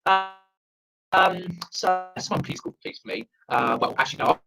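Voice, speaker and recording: A man's voice: high voice, normal speed, vocal fry, rough recording. A young man from South Africa doing profane, rambling stand-up from a friend's house over a video call. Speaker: stand-up comedian. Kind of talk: online open-mic stand-up.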